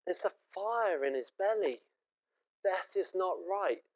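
A man's voice: high-pitched, animated, takes it slowly, rough recording. A British man preaching a sermon in an earnest, conversational and emotive way.

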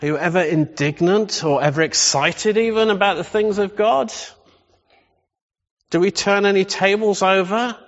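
A man's voice: sits high, moderate pace. Emphatic male preacher in an echoey hall. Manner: emphatic, asks rhetorical questions. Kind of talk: sermon. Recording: echoey hall, slightly dull sound.

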